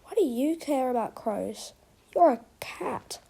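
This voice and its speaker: A woman's voice: a little slow, creaky, a little hiss or hum, full character voice. Woman doing an eager young pigeon hero. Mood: excited. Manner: high and excited, eager.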